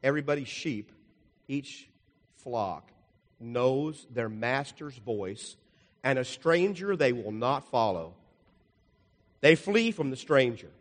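A man's voice: medium pitch, animated, takes it slowly, pauses often. An older man preaching a folksy, rambling sermon, explaining slides with jokes and asides. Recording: long hall reverb.

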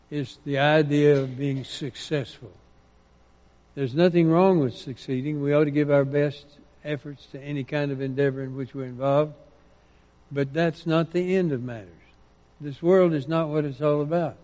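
Man preaching in a reverberant hall. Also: fairly high pitch. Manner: preaching with scripture quotes, rising emphasis and dropping to quiet asides. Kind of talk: sermon.

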